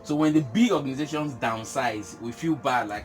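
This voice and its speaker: Animated man talking business over music. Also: medium pitch, moderate pace. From Nigeria. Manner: animated, emphatic, laughs often. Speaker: business guest. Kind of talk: casual chat.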